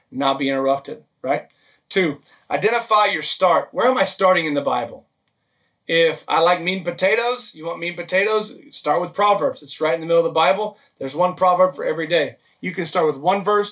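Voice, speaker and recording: Pastor, male, fairly high voice, conversational sermon delivery, caught a little away from the mic. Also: a bit bright, recorded from a distance. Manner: practical, list-driven teaching with frequent "okay?" and "right?" check-ins.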